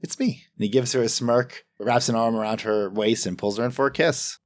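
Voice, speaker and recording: A man's voice: medium pitch, fairly even intonation, fairly quick. A man playing a tabletop game, narrating his character's actions in the third person. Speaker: player.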